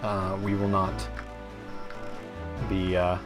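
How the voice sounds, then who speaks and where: A man's voice: deep voice, monotone, slow pace, over music. A young man hosting a let's play, chatting in a rambling, self-mocking way with many fillers. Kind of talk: gameplay commentary.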